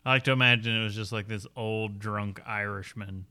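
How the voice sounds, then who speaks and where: A man's voice: on the low side, fairly even intonation, fairly quick, bright, forceful tone, clean tone. A man co-hosting a casual talk show, rambling and joking with lots of fillers. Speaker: podcast co-host. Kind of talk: casual chat.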